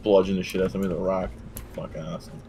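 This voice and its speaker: A man's voice: low-pitched, monotone, rapid-fire, warm tone, slight background noise. A man co-playing a shooter game, chatting casually in a laid-back way and swearing freely. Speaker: co-player. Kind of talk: casual gameplay chat.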